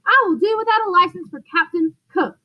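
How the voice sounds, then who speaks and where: A woman's voice: extremely high pitch, brisk, highs cut off, pitched above the performer's own voice. Woman voicing an exasperated penguin owner. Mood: insistent. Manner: insistent, increasingly outraged. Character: exasperated middle-aged man with a pet penguin.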